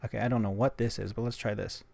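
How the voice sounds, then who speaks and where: A man from the United States chatting casually through a gadget unboxing, excitable and talking to himself as he tries it out. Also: fairly low pitch, quick pace, vocal fry. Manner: chatty, excitable, talks to himself while testing. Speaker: tech YouTuber. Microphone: desk microphone he records on.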